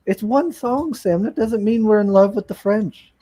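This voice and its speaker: A man's voice: sits high, moderate pace, dark tone. A man co-hosting a podcast, pushing back in joking, incredulous banter. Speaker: podcast co-host. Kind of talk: casual banter.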